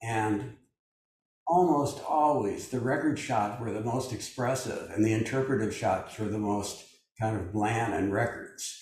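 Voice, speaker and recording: An older man leads a meditation group over a video call in a fairly low, slightly slow, slightly mellow voice. He muses loosely with plenty of fillers, recorded on a distant mic in a very echoey room.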